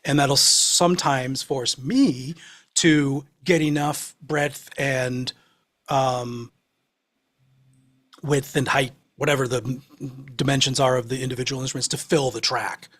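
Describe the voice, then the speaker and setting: A man's voice: mid-range voice, steady tone, measured pace, fairly bright tone. A man in casual podcast chat about songwriting, rambling with ums and restarts.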